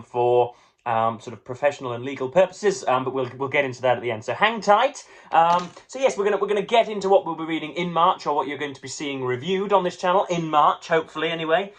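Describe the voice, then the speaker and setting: A man's voice: mid-range voice, fairly bright tone. Wordy, mock-grand young male book vlogger. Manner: wordy, playful, mock-grand phrasing with many ums and restarts. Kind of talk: casual chat to camera.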